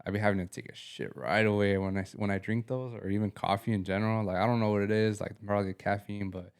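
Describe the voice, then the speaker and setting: A man's voice: lowish voice, fairly even intonation, quick pace, gravelly, smooth. A young man co-hosting a podcast, telling slangy, laid-back stories. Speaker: podcast co-host. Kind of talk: casual chat.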